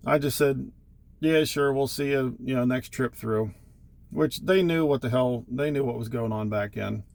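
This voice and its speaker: Middle-aged trucker man, casual and profane, rambling yarn-teller at a mid pitch. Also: normal speed, creaky, darkish tone, no room sound. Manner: rambling, profane, wry anecdotes. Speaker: truck driver. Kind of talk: casual storytelling.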